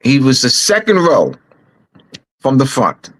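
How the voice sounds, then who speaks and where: Unhurried man recalling a classroom story. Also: mid-range voice, wildly swooping pitch, poor audio. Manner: unhurried recollecting with pauses and restarts. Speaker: teacher and author. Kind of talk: casual storytelling.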